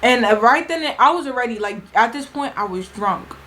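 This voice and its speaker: A woman's voice: fairly high pitch, normal speed, poor audio. Chatty young woman telling a story. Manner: chatty, animated, slangy retelling with acted-out quotes. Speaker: storytime vlogger. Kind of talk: casual storytime vlog.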